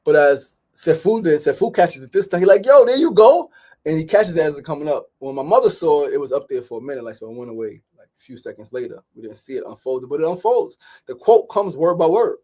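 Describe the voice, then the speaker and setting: A man hosting a show, telling a story in a casual, animated way and acting out other people's voices. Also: on the high side, fast. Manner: animated, repeats "right?" and "like", acts out quoted voices. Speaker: podcast host.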